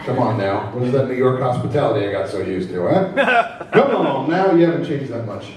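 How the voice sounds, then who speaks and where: A man performs stand-up in a comedy club, talking into a handheld mic with a mellow, low-key tone. He is chatty and self-deprecating and teases the crowd as he goes. The sound is very echoey and comes from some distance away. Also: very animated, a little fast, a little hiss or hum. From New Jersey.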